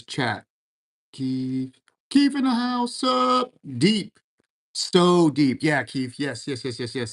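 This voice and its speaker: A man hosting a casual livestream, reading out viewer comments and answering in a laid-back, encouraging way, often calling people man and brother. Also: mid-range voice. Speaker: livestream host. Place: room at home full of racing gear.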